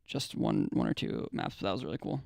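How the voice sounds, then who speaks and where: Chill young american guy streaming, super gravelly fry in his voice, dry close sound. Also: sits low, huge pitch swings, a little fast, no room sound. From United States. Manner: laid-back, rambling, many fillers and restarts. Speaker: livestreamer. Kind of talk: casual live-stream chat with viewers.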